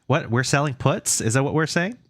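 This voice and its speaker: Clean studio sound with no room sound carries a young man's animated, medium-pitched voice at a fairly quick pace. Streaming game development from home on a desk mic, he chats and rambles, reading chat aloud and cracking self-deprecating jokes.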